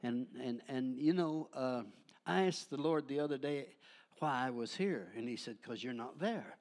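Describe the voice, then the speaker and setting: Fervent older preacher shouting hallelujahs. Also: male voice, mid-range voice, expressive, moderate pace. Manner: fervent, punctuates with hallelujahs, folksy humor. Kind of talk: charismatic sermon.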